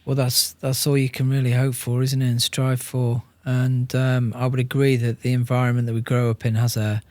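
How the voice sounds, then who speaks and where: A man, a podcast guest speaking in a measured, reflective way. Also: medium pitch, monotone, darkish tone, no room sound. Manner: measured and reflective, with some restarts. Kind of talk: reflective interview talk.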